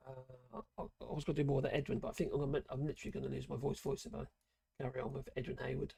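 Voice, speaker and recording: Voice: medium pitch, fairly even intonation, rapid-fire, vocal fry, warm tone, husky. A live-stream host from Norwich, chatting casually and reacting aloud to viewer comments in a rambling way. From Norwich, England.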